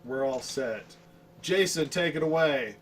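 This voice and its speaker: A man's voice: fairly high pitch, expressive, measured pace, slight background noise. A man co-hosting a casual podcast with dry, sarcastic jokes. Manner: wry, sarcastic, joking. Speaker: podcast co-host.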